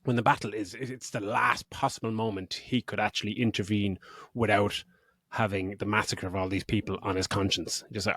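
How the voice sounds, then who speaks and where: A man's voice: fairly low pitch, little pitch movement, a little fast, fairly bright tone, no room sound, studio quality. A middle-aged man co-hosting a podcast, recapping a film in casual chat, sarcastic, swearing freely and laughing often. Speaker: podcast co-host.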